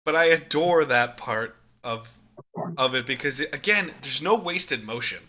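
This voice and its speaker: A man co-hosting a podcast, chatting casually about a movie, animated and laughing often, with plenty of swearing. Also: mid-range voice, unhurried. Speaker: podcast co-host. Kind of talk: casual movie review chat.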